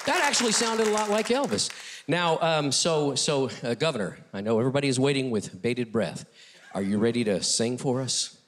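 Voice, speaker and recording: A middle-aged male ventriloquist doing a comedy routine on a TV talk show stage. He is animated and often chuckles between lines. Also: medium pitch, normal speed, a faint crowd. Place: TV studio stage with audience.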